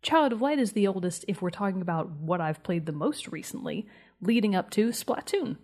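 A woman in her twenties co-hosting a casual podcast chat, self-mocking and building up stories with excitement. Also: medium pitch, normal speed. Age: 20s. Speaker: podcast co-host.

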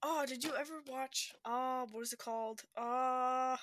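A woman guesting on a casual podcast, giggly and excitable. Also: sits high, a little slow, no echo, studio quality.

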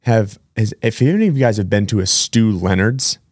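In a clean, dry studio recording, a podcast host with a fairly low pitch and lively intonation talks at a normal speed, his voice a little mellow. His casual solo chat rambles, full of side-tracks and self-corrections.

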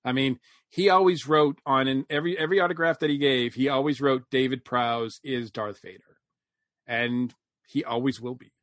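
A man co-hosting a podcast, speaking casually with many halting ums. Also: mid-range voice, steady tone, fairly bright tone, no echo. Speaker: podcast co-host. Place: Atlanta area.

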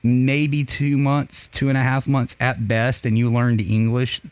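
A man co-hosting a casual podcast chat, boisterous and laughing loudly, swearing a lot. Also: mid-range voice, level tone, measured pace, clear, resonant tone, dry recording. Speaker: podcast co-host.

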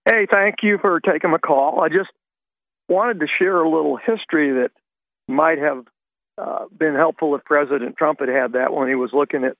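Male caller from Florida, somewhat high voice, conspiratorial, point-by-point, tinny phone line. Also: normal speed, no room sound. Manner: conspiratorial, lays out history point by point.

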